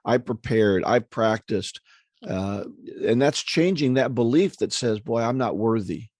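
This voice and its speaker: A man co-hosting a sales podcast in casual conversation, dropping wry jokes and quick asides. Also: medium pitch, darkish tone, dry recording, studio quality. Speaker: podcast co-host, speaking trainer.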